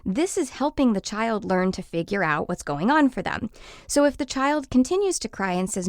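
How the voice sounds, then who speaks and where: A woman in her thirties, a parenting expert explaining her advice on a podcast in a reassuring way, sometimes acting out gentle lines to a child. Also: medium pitch, very animated, normal speed, dry recording, studio quality.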